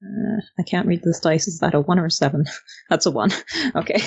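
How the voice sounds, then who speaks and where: A woman player at a tabletop game with a husky voice. She laughs often and lets her lines trail off. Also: on the low side, a little fast, a little mellow, highs cut off. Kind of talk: casual tabletop play.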